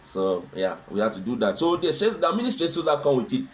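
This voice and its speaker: Man in an interview, earnest, keeps asking rhetorical questions, medium pitch. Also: big pitch swings, fast. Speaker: husband sharing his experience as a guest. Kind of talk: conversational interview answers.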